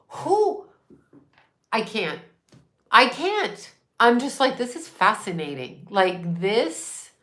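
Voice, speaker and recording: Slow, bright-voiced woman in her fifties. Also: on the high side. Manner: irreverent, profane, laughing asides. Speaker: host. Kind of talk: casual rambling monologue. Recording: echoey room.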